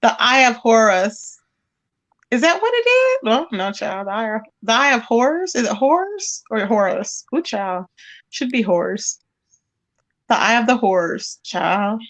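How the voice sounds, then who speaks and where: Animated woman dishing gossip. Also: fairly high pitch, measured pace. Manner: animated, calls listeners "child". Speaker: livestream host. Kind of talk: casual gossip chat.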